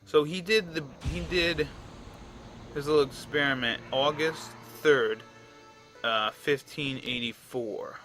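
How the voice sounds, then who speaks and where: With soft music in the background, a man of about thirty slowly delivers rambling let's play commentary while gaming. His fairly high voice sounds pushed and bright, and he chats loosely with frequent restarts.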